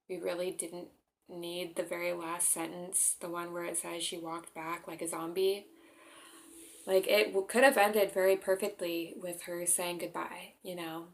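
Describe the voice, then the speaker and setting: A young woman earnestly reading her own short story aloud, then chatting casually with fillers. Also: medium pitch. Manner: earnest, with frequent fillers in the chat.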